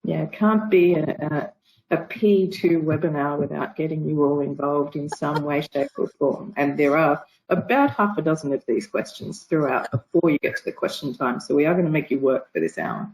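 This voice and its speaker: A woman's voice: low voice, moderate pace, darkish tone, poor audio. A woman with an Australian accent giving a webinar talk from home in an early-morning voice, friendly and chatty. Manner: friendly, chatty, apologetic asides. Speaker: guest speaker. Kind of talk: webinar presentation.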